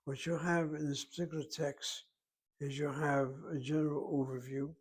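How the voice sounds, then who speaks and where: A man's voice: a little high, little pitch movement, moderate pace, husky. A man teaching a Hebrew lesson, explaining grammar methodically step by step. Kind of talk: recorded language lesson.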